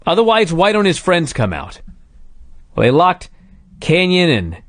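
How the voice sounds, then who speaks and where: Male host with a higher-set voice that swings widely; exasperated, profane rant in a dry, close sound. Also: wildly swooping pitch, unhurried, no echo. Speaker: podcast host. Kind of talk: casual chat.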